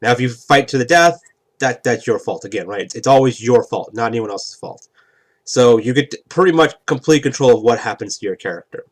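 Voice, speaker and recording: A man's voice: medium pitch, expressive, a little fast. A man explaining the rules of a tabletop game in a rambling, casual way, often checking in with "right?". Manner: rambling, keeps asking "right?".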